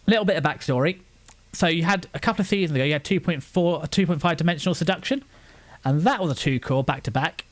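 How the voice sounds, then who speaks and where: A man giving a casual anime review, ranting with exasperation and frequent restarts. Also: a little high.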